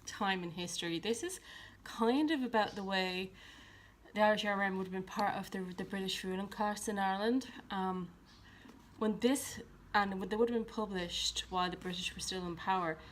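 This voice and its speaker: Woman, book vlog, casual rambling chat, many ums, mid pitch, faint background hiss. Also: moderate pace. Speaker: book vlogger. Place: at home by her bookshelves.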